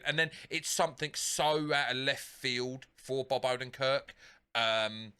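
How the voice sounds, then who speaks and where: A man's voice: mid-range voice, fairly even intonation, unhurried, pushed and bright, smooth. A man co-hosting a podcast, retelling a film scene in casual, sweary chat full of fillers. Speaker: podcast co-host.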